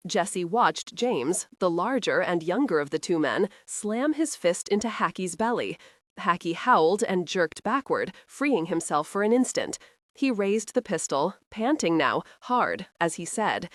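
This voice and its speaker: A woman reading a historical romance audiobook in a steady, expressive scripted narration. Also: lowish voice, no echo, studio quality.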